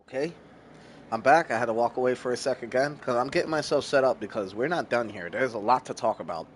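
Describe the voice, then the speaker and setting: A man's voice: medium pitch, quick pace, a little hiss or hum. A man in his thirties chatting casually with viewers on a gaming livestream, rambling, laid-back and swearing freely while he eats. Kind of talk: casual stream chat with viewers.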